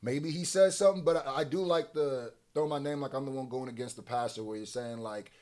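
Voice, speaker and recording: A man hosting a reaction video, talking in casual, animated commentary that breaks into loud teasing and laughter. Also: mid-range voice, brisk.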